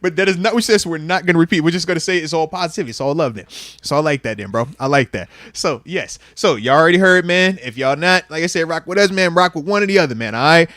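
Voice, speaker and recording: A man hosting a casual sports talk show, playful and animated, often laughing and repeating himself. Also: a little high, fast, few pauses, no echo, studio quality. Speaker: podcast host.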